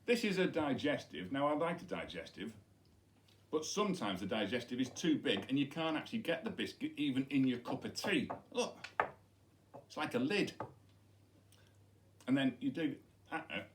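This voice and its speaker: A man's voice: mid-range voice, very animated, moderate pace, long pauses, slight background noise. A middle-aged man, a head teacher, chatting playfully to pupils while demonstrating with props in a school video message.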